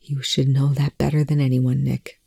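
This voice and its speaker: Calm male officer read aloud, quiet, slow, dark mellow tone. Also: medium pitch, vocal fry, breathy edge, no room sound.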